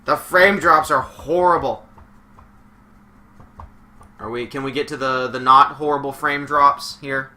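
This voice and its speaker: A man's voice: mid-range voice, steady tone, a little slow, pauses often, pushed and bright. A young man live-streaming a wrestling video game, rambling and joking through mock play-by-play commentary from home. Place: home room while streaming.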